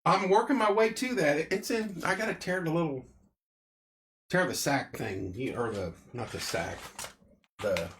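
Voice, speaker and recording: While eating, a man hosts a casual livestream, chatting loosely and greeting viewers by name through a clip-on mic. His voice is on the high side, expressive and fairly bright, at a normal speed, with slight background noise.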